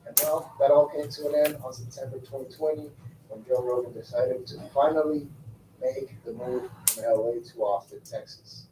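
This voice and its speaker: A man's voice: mid-range voice, fairly even intonation, moderate pace, dark tone, reverberant, recorded from a distance, a little hiss or hum, poor audio. A man narrating a commentary video, stressing points by repeating phrases.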